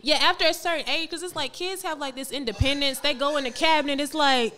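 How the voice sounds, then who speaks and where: A woman's voice: high voice, fast, bright, forceful tone. A woman who is a parent, a guest in a casual podcast chat, speaking in a playful, matter-of-fact way.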